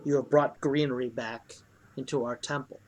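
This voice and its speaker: A man's voice: medium pitch, steady tone, moderate pace, close to an everyday voice. A man voicing an ancient, ghostly male guardian who is the last of his lost tribe, in a tabletop role-play game. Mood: solemn.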